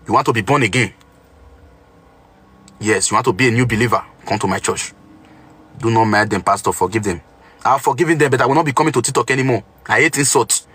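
A Nigerian man talks fast on a livestream, boasting about his power as a pastor. His voice is bright and tense, with a husky edge, and he scolds his audience in an indignant, boastful way. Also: medium pitch. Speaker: self-styled pastor on a livestream. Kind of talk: livestream rant to viewers.

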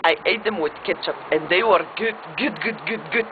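A woman's voice: mid-range voice, fairly quick, close to an everyday voice. A woman acting a stage monologue as a jilted wife who swings between sarcastic jokes and tearful pleading with her husband. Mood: bitterly sarcastic. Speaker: actress performing a monologue. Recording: tinny phone-like audio with background noise.

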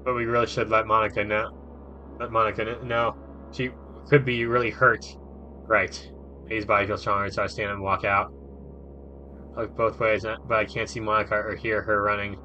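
A man reading a visual novel aloud for his gaming channel, with swearing and quick reactions. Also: lowish voice, level tone, bright, forceful tone, lo-fi sound, a little hiss or hum.

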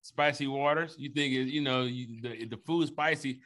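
A man's voice: medium pitch, moderate pace, fairly bright tone. A man co-hosting a casual podcast debate, joking and riffing with profanity. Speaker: podcast co-host. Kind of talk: casual comedic debate chat.

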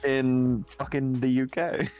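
A man's voice: mid-range voice, little pitch movement, takes it slowly, darkish tone, clear, resonant tone. Young man, dry casual chat, mid-range voice, faint music bed. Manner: dry, matter-of-fact, swears.

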